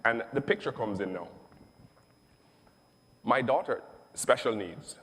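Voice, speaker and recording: A middle-aged man from Jamaica, telling his own business story in an emphatic, animated way and repeating phrases for stress. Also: mid-range voice, takes it slowly. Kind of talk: testimonial storytelling. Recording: long echoing reverb.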